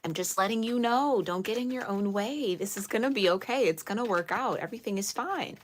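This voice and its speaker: A woman reads tarot cards aloud to her viewers in an earnest, emphatic way, with a middle-pitched voice. She scolds playfully, laughs often and repeats lines to reassure. A faint hiss sits under the recording. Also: expressive, a little fast. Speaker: tarot reader. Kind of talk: spoken tarot reading to viewers.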